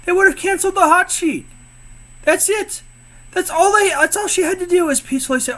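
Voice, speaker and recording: A man's voice: very high-pitched, fairly quick, bright, forceful tone. A man giving casual, exasperated commentary on police footage, swearing and repeating his points. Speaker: co-host reacting to police footage.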